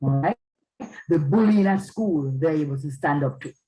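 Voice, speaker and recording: A woman's voice: low voice, normal speed, warm tone, low-quality recording. A woman giving a talk on parenting in a church, earnest and often checking in with her listeners. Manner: earnest, checks in with "all right?". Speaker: speaker on parenting.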